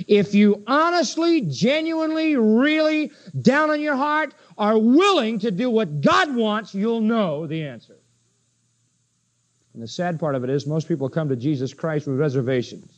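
A man preaching a sermon in a high voice, emphatic and full of rhetorical questions. He slows right down when he quotes scripture aloud. The recording sounds dull and lo-fi. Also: animated. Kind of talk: expository sermon.

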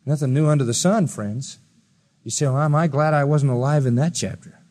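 A preacher delivering a sermon, firing rhetorical questions at listeners, swinging from loud high exclamations to quiet low asides. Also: male voice, brisk, big-room sound, a little hiss or hum. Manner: emphatic, rising to loud high-pitched exclamations then dropping quiet.

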